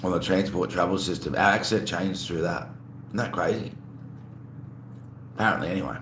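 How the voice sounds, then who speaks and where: A man's voice: deep voice, brisk, fairly bright tone. Laid-back Australian man, roomy echo. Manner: laid-back, rambling, answers chat messages aloud. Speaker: livestream host. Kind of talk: casual live chat, greeting viewers while eating. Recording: roomy echo with faint background hum.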